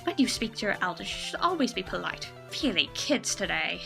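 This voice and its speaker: A woman's voice: medium pitch, very animated, a little fast, vocal fry, over music. A woman voicing a haughty, nosy old female guard in a game, talking in a pompous, scolding way.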